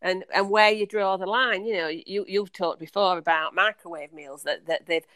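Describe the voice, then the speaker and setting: A woman's voice: lowish voice, normal speed, a bit bright, no room sound, studio quality. A woman co-hosting a podcast, talking in a thoughtful, questioning way with many restarts. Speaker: podcast co-host. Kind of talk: casual chat.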